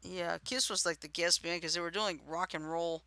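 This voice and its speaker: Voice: mid-range voice, fairly even intonation, normal speed, bright, forceful tone, clear, resonant tone, no room sound. A co-host from Alabama in casual chat on a live stream, talking things through aloud while looking them up. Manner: chatty, thinks aloud while searching. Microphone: streaming setup.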